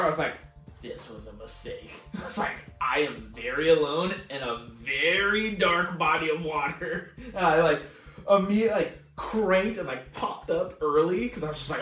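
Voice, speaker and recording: Man, podcast co-host, casual swearing storyteller, frequent laughter, faint background music. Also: fairly high pitch. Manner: laughs often, swears freely, animated retelling. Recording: roomy echo, distant mic, faint music.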